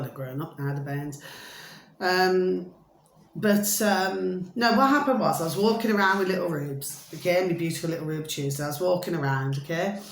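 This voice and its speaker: Woman rambling thru a story, keeps asking do you see, lowish voice, echoey room. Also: a little hiss or hum. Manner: chatty, repetitive, keeps checking in with listeners. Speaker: vlogger. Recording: roomy echo, faint ambience.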